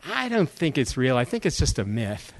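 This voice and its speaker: A man's voice: mid-range voice, very animated, normal speed. A man voicing a doubting, dismissive armadillo in a storybook parable.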